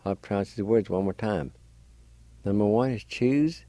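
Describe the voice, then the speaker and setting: A man's voice: lowish voice, moderate pace, dark tone, no echo. A man teaching language on the radio, patiently spelling out and pronouncing words letter by letter. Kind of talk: slow spelling and pronunciation lesson.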